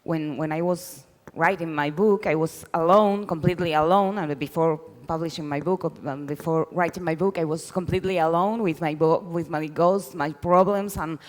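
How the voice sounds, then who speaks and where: A woman's voice: low voice, steady tone, big-room sound. Hesitant woman interviewer. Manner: halting, searching for words. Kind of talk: live onstage conversation.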